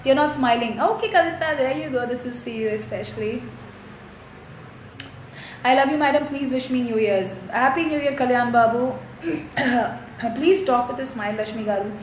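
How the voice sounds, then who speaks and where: A woman's voice: on the high side, normal speed. Chatty young woman, roomy echo. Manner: reads out fan comments and replies chattily. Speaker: actress answering fans. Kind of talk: casual live fan Q&A. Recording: roomy echo, faint noise.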